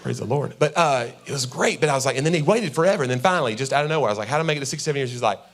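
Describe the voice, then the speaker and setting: A man's voice: mid-range voice, expressive, rapid-fire. Stand-up comic man on stage. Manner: conversational, acts out voices of his wife and himself. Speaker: stand-up comedian. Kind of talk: stand-up comedy set. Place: church auditorium with a live audience.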